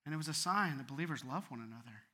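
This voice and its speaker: A man's voice: mid-range voice, animated, racing, bright, forceful tone. A man preaching an earnest sermon as a pastor, building to fervent appeals.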